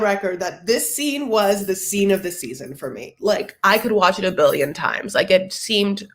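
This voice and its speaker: A woman hosting a casual TV recap, talking in an animated, sassy, chatty way. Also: mid-range voice, normal speed, hardly any pauses. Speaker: host.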